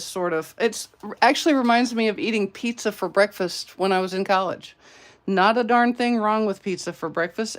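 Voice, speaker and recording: A woman demonstrating card-making in a casual, chatty tutorial, greeting her viewers and drifting into side stories. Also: mid-range voice. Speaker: papercraft demonstrator.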